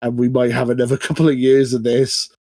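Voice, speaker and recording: A British man in casual podcast chat, animated and quick to laugh, his speech full of fillers. His voice sits mid-range and sounds dry and close. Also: mid-range voice, no room sound. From United Kingdom. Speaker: podcast co-host.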